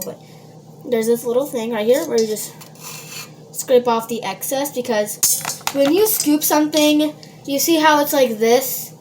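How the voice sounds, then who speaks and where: A high-pitched woman chats through a casual baking vlog. She rambles along, full of fillers, and talks straight to her viewers. Dishes and cutlery clatter around her in a noisy home kitchen. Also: a little mellow. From Minnesota. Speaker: home baker vlogger.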